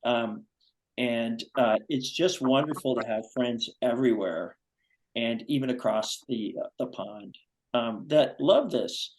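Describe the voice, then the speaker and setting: A man hosting a foundation's live video-call show, chatting enthusiastically in a rambling way with many pauses. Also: medium pitch, darkish tone, low-quality recording. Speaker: foundation vice president and host. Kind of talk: casual Zoom talk show chat.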